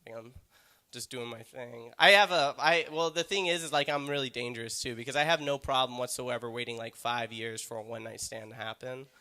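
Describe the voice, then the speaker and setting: A man's voice: mid-range voice, brisk, sharp tone. A man doing a stand-up comedy set, rambling and self-mocking with many fillers.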